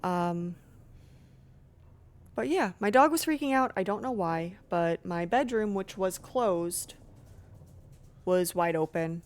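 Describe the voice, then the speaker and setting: A woman's voice: on the low side, lively intonation, takes it slowly, pauses often. A woman streaming a game live, talking to herself in a jittery, nervous way. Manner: jittery, nervous self-talk. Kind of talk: casual live gameplay commentary.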